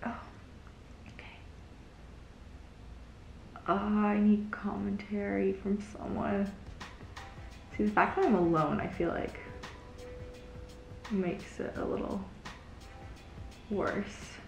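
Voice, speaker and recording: A woman's voice: mid-range voice, little pitch movement, slow, creaky, pauses often, a little mellow, reverberant, faint music behind. A young woman vlogging casually as she tests a gadget, chatty and easily grossed out. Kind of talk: casual product-testing vlog.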